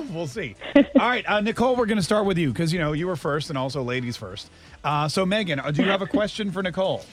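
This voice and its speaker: A man's voice: on the high side, animated, a bit bright. A man hosting a morning radio show, joking playfully as he runs a call-in quiz game. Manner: joking, playful, quick-talking.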